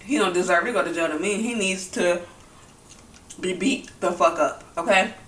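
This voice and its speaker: A woman ranting while she eats on camera, blunt and heated, with plenty of cursing. Her voice is bright and sharp. She sits some way from the mic, and the room rings with echo. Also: fairly low pitch, normal speed, distant mic, a little hiss or hum. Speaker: mukbang vlogger. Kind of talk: angry opinion talk while eating.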